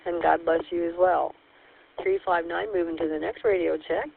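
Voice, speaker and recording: A woman acting as net control on a ham radio net, working through check-ins by call sign in a steady, procedural way. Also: lowish voice, normal speed, creaky. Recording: tinny radio transmission.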